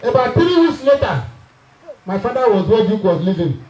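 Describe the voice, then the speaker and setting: High-voiced Nigerian man telling family stories. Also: very animated, moderate pace, darkish tone, a little hiss or hum, low-quality recording. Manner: chuckling storyteller, teasing the audience. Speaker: family member speaking at a reunion. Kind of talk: humorous anecdotal speech.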